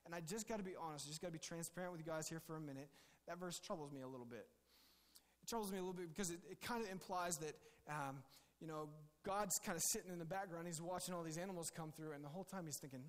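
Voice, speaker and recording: A man's voice: on the high side, quick pace, big-room sound. A male pastor giving a conversational, jokey sermon with many restarts.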